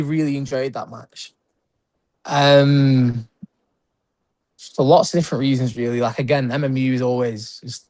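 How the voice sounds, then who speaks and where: A man's voice: mid-range voice, darkish tone, no room sound. A young British man, a wrestler, chatting casually in an interview, rambling with lots of "like" and short laughs. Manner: rambling, heavy use of "like", quick laughs. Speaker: guest wrestler.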